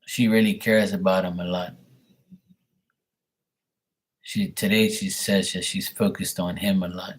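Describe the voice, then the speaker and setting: A man's voice: deep voice, level tone, measured pace, long pauses. A young man doing a live tarot reading on camera, relaying messages in a rambling way full of fillers. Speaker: tarot reader. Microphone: webcam at desk.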